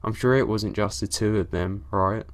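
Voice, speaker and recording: A man narrates horror stories in a fairly low voice. His reading is dramatic and lifts at the tense moments. It is a plain spoken read-through of scary tales. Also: moderate pace.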